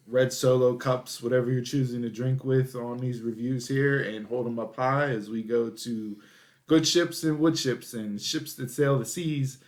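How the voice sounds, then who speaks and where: Podcast co-host, man in his thirties, animated storyteller with casual talk. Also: mid-range voice. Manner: animated storytelling, rising excitedly at punchlines.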